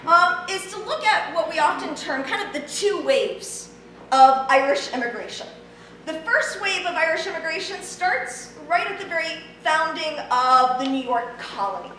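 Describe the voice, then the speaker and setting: A woman's voice: high-pitched, bright, forceful tone. A woman from Ohio giving a friendly, conversational history lecture with many ums. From Ohio, USA. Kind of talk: public lecture. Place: large church hall. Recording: very echoey hall, distant mic, faint noise.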